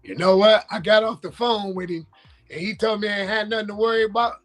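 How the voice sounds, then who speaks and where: A man's voice: high-pitched, flat delivery, quick pace, a bit bright, soft background music. A man co-hosting a casual sports talk show, playfully boasting and trash talking to the audience.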